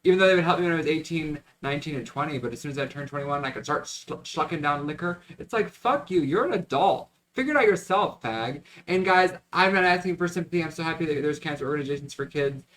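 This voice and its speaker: A man in his twenties vlogs to his phone camera while out and about in his car and in stores, speaking candidly, swearing, and bouncing between jokes and venting. His voice is a little high and a bit bright, and he talks fast with few pauses.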